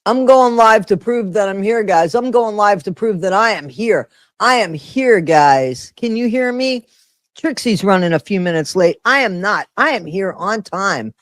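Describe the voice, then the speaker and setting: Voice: mid-range voice, fairly bright tone, dry recording. A livestream host chatting casually, greeting viewers by name while snacking.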